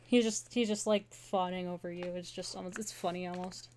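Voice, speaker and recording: A woman's voice: fairly low pitch, steady tone, a little fast, darkish tone, a little hiss or hum. A woman running a tabletop one-shot as game master, rambling with joking asides.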